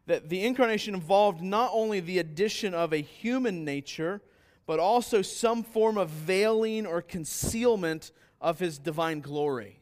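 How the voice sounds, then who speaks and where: Man preaching a conversational sermon. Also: moderate pace. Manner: conversational preaching with anecdotes and restarts; acts out story characters with sudden higher pitch. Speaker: pastor.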